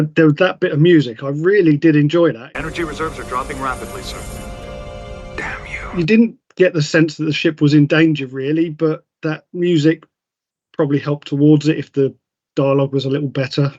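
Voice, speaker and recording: Jokey man, higher voice. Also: steady tone, fairly quick, darkish tone, no room sound, soft background music. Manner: jokey, acts out characters' lines. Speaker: podcast co-host. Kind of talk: casual chat.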